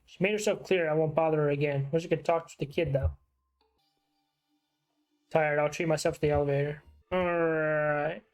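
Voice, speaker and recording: A man's voice: fairly high pitch, steady tone, brisk, pauses often, a little mellow, soft background music. A man, host of a gaming channel, reading a game's dialogue aloud with dry, wry asides.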